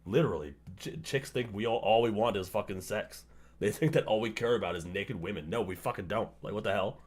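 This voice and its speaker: A man's voice: on the low side, fairly quick. A man hosting a livestream, reacting casually to a video, swearing often, laughing and ranting. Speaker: livestream host.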